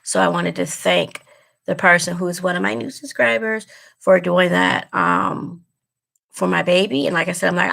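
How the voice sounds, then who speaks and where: A woman's voice: lowish voice, steady tone, normal speed, gravelly, a bit bright. A woman vlogger talking straight to her viewers in casual chat, earnest and emotional, repeating herself as she goes. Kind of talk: casual direct-to-camera chat.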